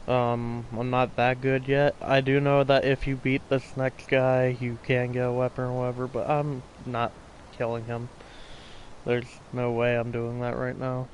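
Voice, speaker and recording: A man's voice: medium pitch, little pitch movement, moderate pace, darkish tone, clean tone. A man casually narrating over his gameplay, rambling and a little tired, swearing now and then. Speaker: gaming channel host. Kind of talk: casual gameplay voiceover commentary.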